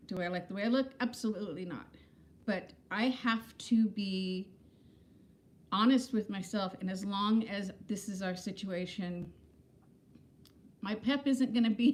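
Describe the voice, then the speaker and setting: A woman in her fifties, chatting candidly and self-deprecatingly to viewers on a casual livestream from her home, greeting them by name. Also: medium pitch. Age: 50s. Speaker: livestream host. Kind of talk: casual live-stream chat.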